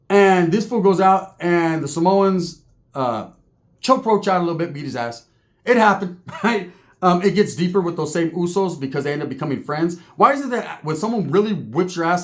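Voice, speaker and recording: Man, casual profane storyteller; slightly raised pitch. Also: lively intonation, a little fast. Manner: profane, rambling, joking.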